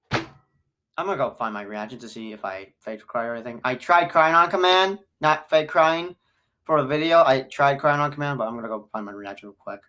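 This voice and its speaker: A woman giving a casual spoken film review who rambles and repeats herself, jumping from loud excited outbursts to low mutters.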